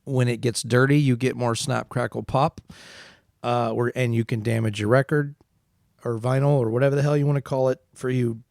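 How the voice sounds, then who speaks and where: Gravelly man in casual podcast chat. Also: medium pitch, steady tone, normal speed, darkish tone, no room sound, studio quality. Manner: opinionated, rambling, self-described facts guy. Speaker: podcast co-host.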